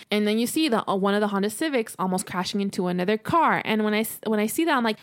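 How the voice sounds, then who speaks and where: A young woman co-hosting a podcast, telling a personal story in an animated, exasperated way and swearing freely. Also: mid-range voice, quick pace, hardly any pauses, no echo, studio quality. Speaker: podcast co-host.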